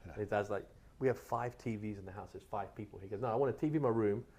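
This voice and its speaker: A middle-aged man from England, a guest telling animated stories in a casual podcast chat. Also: lowish voice. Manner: animated storyteller, quick and lively. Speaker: guest author.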